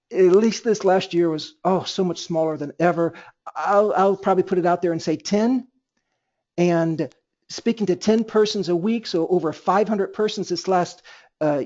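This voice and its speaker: High-voiced man giving sales training. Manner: energetic, plays both sides of sales calls. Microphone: computer mic on a webinar. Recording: dull lo-fi webinar audio.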